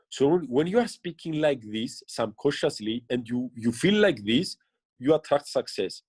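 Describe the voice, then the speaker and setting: A man's voice: mid-range voice, expressive, moderate pace, darkish tone, slightly rough, dry recording. Earnest man giving coaching advice. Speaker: interviewed business leader. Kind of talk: motivational interview answers.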